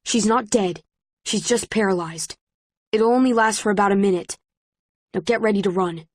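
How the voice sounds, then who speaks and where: A woman's voice: medium pitch, normal speed, dry recording, natural voice. A woman reading the lines of a blunt, impatient young man in an audiobook, with a curt and mocking delivery. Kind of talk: audiobook character voice.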